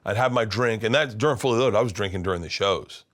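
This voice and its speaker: A comedian in his fifties telling stories in a rambling, animated way, full of restarts. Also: lowish voice, fast. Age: 50s. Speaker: comedian guest. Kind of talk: casual storytelling. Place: his studio.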